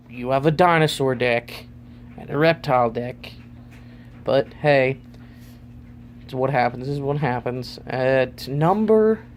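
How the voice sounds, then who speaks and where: A man's voice: mid-range voice, slight background noise. A man hosting his own vlog, rambling loosely through a ranking with lots of fillers. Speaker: vlogger.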